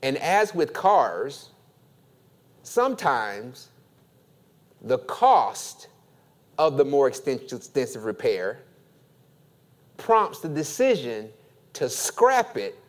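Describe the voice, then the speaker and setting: A man preaching a sermon as pastor, slow and deliberate, asking his congregation for an amen. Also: medium pitch, sing-song.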